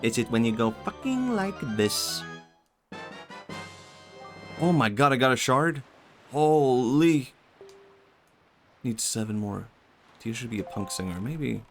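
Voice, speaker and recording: A young man with a Swedish accent and vocal fry, chatting softly and musing aloud while streaming a game. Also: fairly low pitch. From Sweden. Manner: soft-spoken, musing, talks to chat. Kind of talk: casual game-stream chat.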